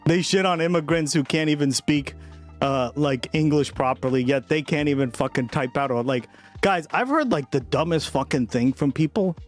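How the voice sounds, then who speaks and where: A man's voice: on the high side, moderate pace, faint music behind. A man hosting a casual livestream, rambling and swearing freely as he comments, often breaking into laughter. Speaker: livestream host.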